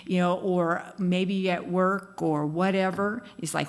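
A woman's voice: lowish voice, steady tone, moderate pace, hardly any pauses. A woman giving a casual sermon, chatty and laughing, acting out little quoted lines as she goes. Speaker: speaker giving a devotional talk.

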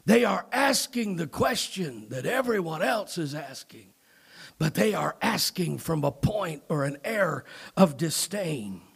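A man preaching a sermon as pastor, moving from low, quiet talk to loud, shouted emphasis and often repeating his words. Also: sing-song, a little slow, creaky, husky.

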